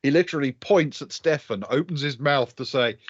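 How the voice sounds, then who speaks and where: A man's voice: medium pitch, a little fast, husky, no echo. A man narrating as game master for a tabletop game, chatty and laughing between descriptions, with lots of ums. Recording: dull, dry lo-fi sound.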